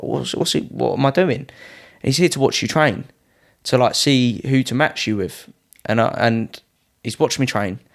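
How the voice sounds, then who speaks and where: A young man in his twenties, a podcast guest telling anecdotes in a casual way and acting out other people's lines in a raised voice. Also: mid-range voice. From United Kingdom. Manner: lively, acts out quoted people in a raised voice. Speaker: podcast guest, Muay Thai fighter.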